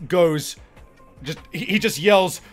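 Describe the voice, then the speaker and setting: Excitable guy describing his game move, kinda high voice, slow, music faint behind. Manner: excitable, laughing, describing actions. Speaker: player. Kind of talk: casual chat over a tabletop game.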